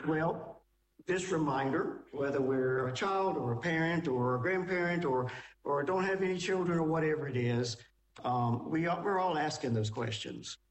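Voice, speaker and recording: A man's voice: on the high side, roomy sound, far from the mic, poor audio. A man hosting, commenting on a played clip in a conversational way, thinking aloud and restarting his sentences. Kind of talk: reflective commentary.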